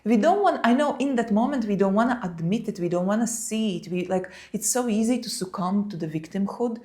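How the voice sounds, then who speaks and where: Calm, mellow-voiced woman telling a story. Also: mid-range voice. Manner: calm, unhurried, speaks with many "like" fillers. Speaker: yoga and meditation teacher. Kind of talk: reflective personal storytelling.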